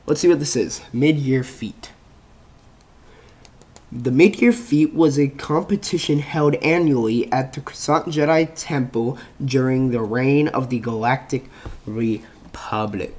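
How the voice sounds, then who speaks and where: A man hosting his channel, reading a reference page aloud in a halting way, stumbling and restarting words, with offhand asides between passages. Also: mid-range voice, a little mellow. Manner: halting reading with frequent restarts and self-corrections. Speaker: channel host.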